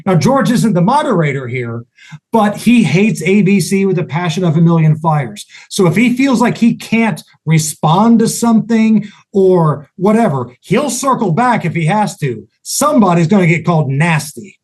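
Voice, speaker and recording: A man with a notably high voice hosts a podcast in casual chat. He talks with confidence and punch and throws in folksy turns of phrase. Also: very animated, normal speed, darkish tone. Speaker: podcast host.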